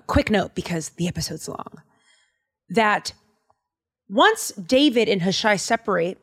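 Woman, podcast co-host, casual chat, animated, slangy, middle pitch. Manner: animated, slangy, acts out dialogue. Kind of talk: casual chat retelling a Bible story.

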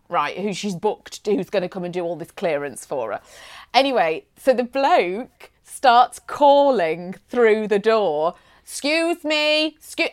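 A woman co-hosting a casual chat, telling a story and often asking "right?". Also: medium pitch. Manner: chatty, keeps adding "right?", laughs heartily. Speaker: podcast co-host.

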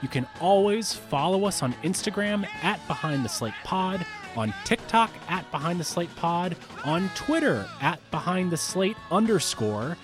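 A man from Atlanta, hosting a podcast, narrating in a clear, conversational storytelling manner. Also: sits high, big pitch swings, measured pace, hardly any pauses, over music. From Atlanta, USA. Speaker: podcast host. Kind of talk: scripted narration.

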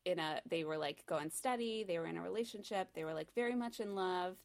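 A woman's voice: fairly low pitch, brisk, gravelly. A young woman co-hosting a casual chat, describing a movie plot in a loose, rambling way with many fillers.

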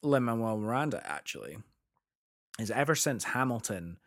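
Young english guy on a podcast, chatty and excited, keeps restarting sentences. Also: lowish voice, normal speed. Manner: enthusiastic, chatty, self-interrupting. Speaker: podcast co-host. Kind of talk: casual chat about a musical.

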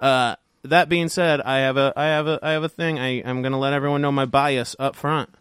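A man hosting a podcast, joking loudly with friends, laughing and swearing often. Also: medium pitch, steady tone, a little fast, clear, resonant tone, no room sound. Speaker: podcast host. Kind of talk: casual banter among friends.

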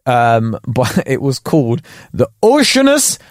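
A man's voice: medium pitch, wildly swooping pitch, slow pace, no room sound, studio quality. A man co-hosting a podcast, explaining facts in a chatty, joking way. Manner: explains facts with jokey asides. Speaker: podcast co-host. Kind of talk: casual comedic chat.

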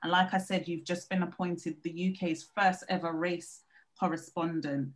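A woman's voice: on the low side, level tone, moderate pace. A woman hosting a podcast interview, questioning her guest and praising her at length. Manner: warm effusive praise, many "you know" fillers. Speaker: podcast host.

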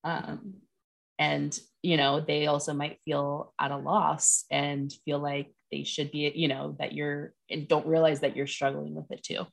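A woman in her thirties, chatting casually as a podcast co-host, with lots of fillers and animated retellings. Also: low voice, unhurried, vocal fry. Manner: chatty, many fillers, animated when quoting her son. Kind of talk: casual chat.

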